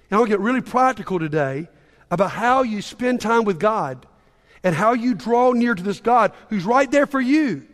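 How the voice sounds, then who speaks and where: Pastor guy, high voice, chatty sermon in a big echoey church hall. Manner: conversational preaching, acts out quoted voices. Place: church sanctuary.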